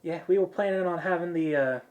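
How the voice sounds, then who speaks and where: A man's voice: high-pitched, fairly quick, darkish tone, lightly acted. A man doing a practical woman leader. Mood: planning.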